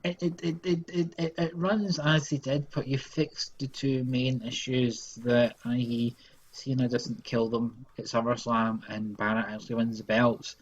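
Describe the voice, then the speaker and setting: A man's voice: medium pitch, little pitch movement, unhurried, muffled recording. A man co-hosting a podcast, speaking in dry, teasing casual chat and stammering on restarts. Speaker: podcast co-host.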